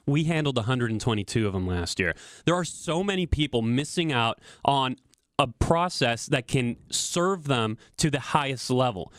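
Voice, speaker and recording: A man co-hosting a radio talk show, pitching a workshop with a quick promotional delivery. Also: expressive, a bit bright, dry recording, clean studio sound. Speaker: radio show co-host, real estate agent.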